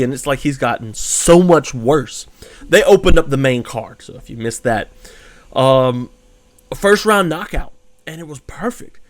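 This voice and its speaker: A man's voice: medium pitch, no echo. A Cajun man from Louisiana recapping fights casually as host, rambling with frequent restarts and fillers. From Louisiana, USA. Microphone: desk camera mic.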